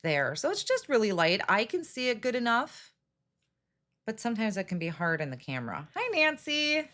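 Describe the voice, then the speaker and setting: During a casual live card-making demo, the middle-aged host chats away, welcoming viewers by name and laughing at her slips. Her voice is a little high and a bit bright, swinging widely in pitch at a moderate pace.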